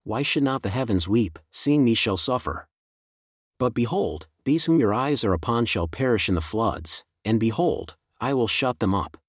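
A man voicing God, an eternal male deity who speaks with stern grief in a solemn, measured scripture reading. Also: medium pitch, animated, breathy edge, no room sound, clean studio sound.

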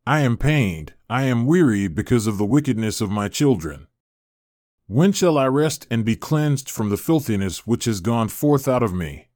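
A man's voice: mid-range voice, darkish tone, no echo, clean studio sound, close to an everyday voice. A man voicing the earth as a weary, grieving mother in a solemn scripture reading, in a mournful lamenting manner.

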